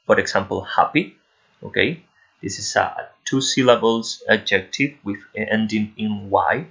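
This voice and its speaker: A male teacher with a Spanish accent explains grammar slowly and patiently, often stopping to check that his pupils follow. His voice sits a little low. The sound is muffled and lo-fi. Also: gravelly, fairly bright tone. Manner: patient, repeats "okay?" to check understanding. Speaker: English teacher.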